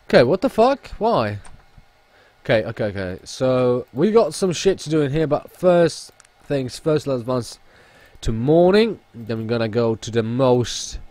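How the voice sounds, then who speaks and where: A man's voice: mid-range voice, expressive, unhurried, darkish tone, no room sound. Casual gamer man, dry close mic. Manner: casual, joking, swears, laughs at himself. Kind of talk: casual gameplay commentary and reading.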